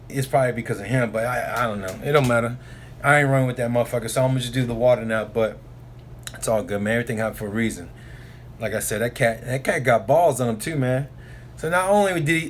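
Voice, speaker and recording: A man's voice: medium pitch, slight background noise. A man who drives oilfield trucks tells a rambling, profane story in a casual vlog, repeating himself and filling the gaps with asides.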